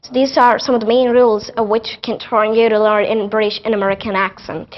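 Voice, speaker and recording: A teenage girl with an Indian accent explains pronunciation rules as a guest on a TV show, repeating each example word slowly before explaining it. Her voice sits somewhat high, and the broadcast audio is dull and lo-fi. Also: little pitch movement. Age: teens. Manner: demonstrates words by repeating them slowly, then rapid explanations. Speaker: guest student.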